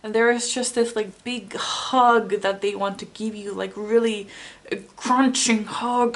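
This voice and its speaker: A woman's voice: medium pitch, fairly even intonation, unhurried. A woman from Finland with a Finnish accent, chatting casually as a tarot reader, rambling and laughing often. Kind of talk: casual chat.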